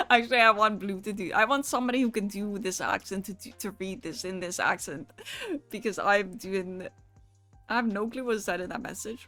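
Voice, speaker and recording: A young Southern woman hosts a live stream, reading donation messages aloud in a put-on British accent that keeps slipping back into her own twang. Her voice is bright and sharp. She keeps dissolving into laughter between the lines. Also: medium pitch, normal speed, soft background music.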